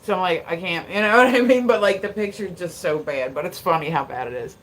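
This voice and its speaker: A woman's voice: lowish voice, quick pace. A woman hosting a casual livestream, chatting with viewers in a rambling way, laughing often and swearing freely. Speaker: livestream host.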